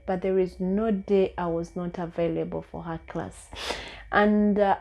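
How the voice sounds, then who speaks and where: A woman's voice: on the low side, dark tone. A young woman with a Ugandan English accent, earnestly telling a personal story in a vlog, with many fillers and repeated words. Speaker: vlogger.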